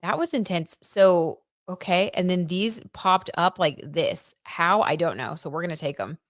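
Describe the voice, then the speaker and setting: A woman hosting a live tarot reading stream, talking casually and excitedly, gasping and reading viewer comments aloud. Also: lowish voice, measured pace, no echo, clean studio sound. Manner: chatty and excitable, reads viewer comments aloud, gasps and many "like"s.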